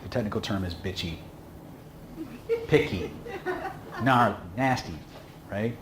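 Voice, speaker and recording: A man teaching a seminar in a casual, emphatic way, often pausing to check in with "okay?". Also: on the low side, expressive. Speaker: instructor. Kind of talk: seminar lecture. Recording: echoey room with faint hum.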